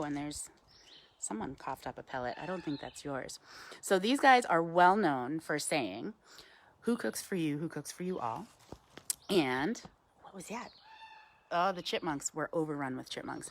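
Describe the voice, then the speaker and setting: A woman's voice: low-pitched, lively intonation, moderate pace. A woman educator from a wildlife center, giving a chatty live talk outdoors in the wind, talking fondly to an owl, with frequent ums, and answering viewer questions.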